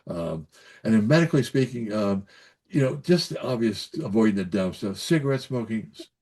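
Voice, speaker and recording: An older man speaks in a low voice, offering blunt parenting and health advice. He talks in a folksy, emphatic way, repeating words and checking in with the listener as he goes. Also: animated, a little fast, darkish tone. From Kentucky. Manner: folksy, repetitive, emphatic with frequent "so anyways" and "okay?". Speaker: pediatrician guest. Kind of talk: casual advice-giving interview.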